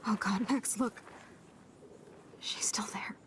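A woman's voice: medium pitch, fairly even intonation, slow pace, whispered. An actress playing a blunt, rebellious punk teenage girl in video game dialogue. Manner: blunt, profane, tense. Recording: loud game music behind.

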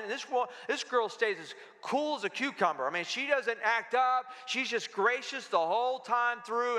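A man preaching a sermon as pastor, telling stories with humor and lively delivery. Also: very high-pitched, big-room sound. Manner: animated storytelling with humor. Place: church sanctuary.

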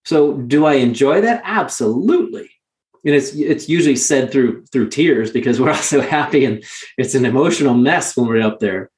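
A man's voice: medium pitch, animated, moderate pace, a little mellow, echoey room. A male guest telling candid stories in an earnest, emphatic way, often restarting his words. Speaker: guest, mountain guide. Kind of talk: candid conversational storytelling.

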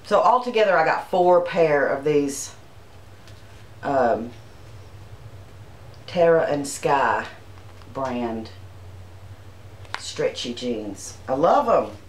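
A woman's voice: deep voice, animated, extremely slow, long pauses, roomy sound, slight background noise, poor audio. A woman, from Arkansas, chatting casually and homily as she shows her shopping haul to the camera. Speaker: channel host.

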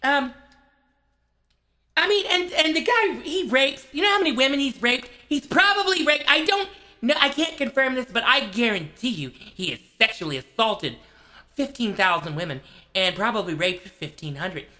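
A man's voice: very high-pitched, sing-song, normal speed, bright, forceful tone, full character voice. A man playing a hot-tempered male parody TV host who rants, stammers and gets flustered. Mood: ranting. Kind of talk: comedic parody monologue.

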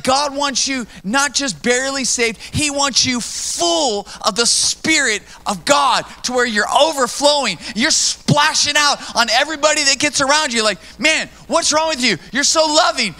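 High, bright-voiced pastor preaching. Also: male voice. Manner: animated storytelling, acts out his own lines in a loud voice. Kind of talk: sermon. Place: church stage.

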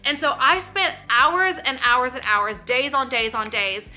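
A woman's voice: sits high, lively intonation, measured pace, pushed and bright, soft background music. A young woman, talking casually to camera, emotional and full of "like". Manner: emotional, choking up and laughing; filler-heavy, repeats "like". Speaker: vlogger.

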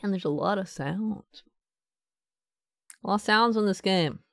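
A woman's voice: unhurried, vocal fry, no room sound, clean studio sound. Profane, joking woman game streamer. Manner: profane, joking, rambling with sudden squeaky put-on voices. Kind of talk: casual live-stream commentary.

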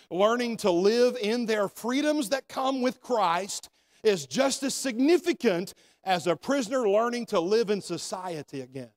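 Man, high voice, pastor, sermon, calls for amens, church sanctuary. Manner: preaching with rising emphasis, calls for amens. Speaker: senior pastor.

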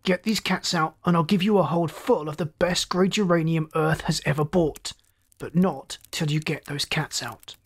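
A hot-tempered male chief engineer on a mining freighter roars and snaps orders in this story reading, as a storyteller puts him on. His voice sits at a middle pitch, loud and blunt in delivery. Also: fairly even intonation, moderate pace, slightly rough, natural voice. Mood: raging. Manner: roaring, snapping orders.

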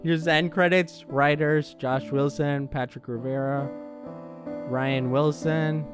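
A man with a somewhat high voice narrates a game as he plays it, talking into a headset. He is excitable and chatty, thinks out loud, and laughs often. Soft music plays faintly underneath. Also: slow pace. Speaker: let's play gamer. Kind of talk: let's play commentary.

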